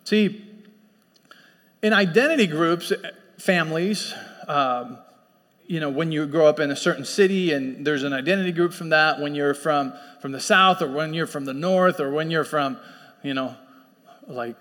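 A pastor preaching a sermon in a conversational, storytelling way, slipping into quoted voices. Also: male voice, fairly high pitch, moderate pace, fairly bright tone. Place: church sanctuary. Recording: long church hall reverb.

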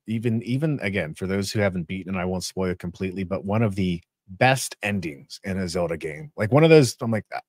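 A man co-hosting a podcast, chatting eagerly and restarting his sentences as he gets excited. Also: lowish voice, no echo, clean studio sound. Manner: enthusiastic, many restarts and fillers. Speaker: podcast co-host. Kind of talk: casual chat.

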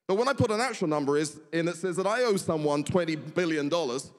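A man's voice: a little high, quick pace. A man preaching a sermon, earnest, asking the congregation rhetorical questions. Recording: long hall reverb.

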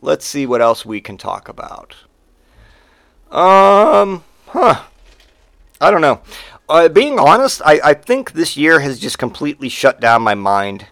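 A man's voice: on the high side, big pitch swings, measured pace, vocal fry, a bit bright, dry recording. A man hosting a podcast, telling rambling, profane stories in a casual monologue. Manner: rambling and profane, with frequent swearing. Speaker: podcast host.

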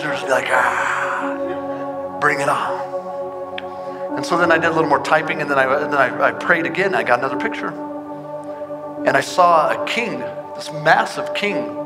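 A male pastor preaching an earnest, conversational sermon with frequent restarts. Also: on the high side. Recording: long hall reverb, loud music behind.

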